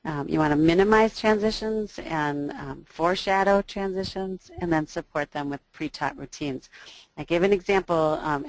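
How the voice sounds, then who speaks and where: A woman, an early childhood teacher, giving a training talk to educators with a booming voice, listing strategies with frequent ums and you knows. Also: no room sound, rough recording. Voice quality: loud, booming voice.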